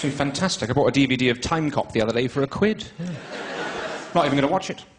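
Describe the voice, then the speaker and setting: Posh English male stand-up, rapid and deadpan, recorded live with background noise. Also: mid-range voice. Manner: dry, self-mocking, drawn-out delivery with pauses for laughs. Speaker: stand-up comedian. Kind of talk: stand-up comedy set. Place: comedy stage before a live audience.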